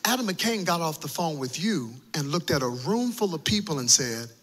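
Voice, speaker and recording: Bright, husky-voiced preacher telling a story. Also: male voice, on the high side, moderate pace, few pauses. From United States. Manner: animated, comic storytelling with playful voice-acting of himself. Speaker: pastor. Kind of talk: sermon storytelling. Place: church service before a live congregation.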